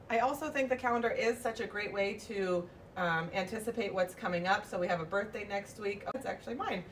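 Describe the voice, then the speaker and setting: A woman's voice: medium pitch, fairly quick, few pauses. A preschool teacher, a woman, walks through her classroom routine and drops into a sing-song teacher voice whenever she demonstrates. She is picked up from some distance in an indoor classroom, with a faint hum of background noise.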